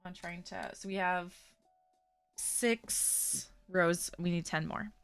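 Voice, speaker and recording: A woman's voice: fairly low pitch, steady tone, slow, clear, resonant tone, no room sound, faint music behind. A woman streaming a casual, rambling chat who laughs often and trails off mid-thought.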